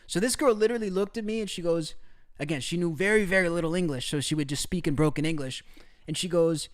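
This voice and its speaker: Talking fast in a voice on the high side, a young man addresses his live-stream chat casually. Crude and laughing often, he swears and keeps calling everyone bro.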